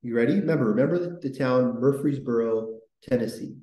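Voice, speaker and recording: Guy rambling excitedly about history, kinda mellow tone, echoey room. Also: mid-range voice, brisk. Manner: rambling, enthusiastic, full of fillers. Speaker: podcast host. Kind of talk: casual history podcast chat.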